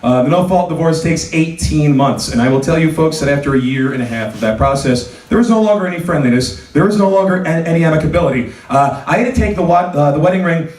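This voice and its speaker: Stand-up comic, male, high voice, conversational with loud rants, echoey club room, heard from afar. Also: quick pace, few pauses. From New Jersey. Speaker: stand-up comedian. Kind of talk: stand-up comedy set. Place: comedy club stage. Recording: roomy club sound, voice from a distance.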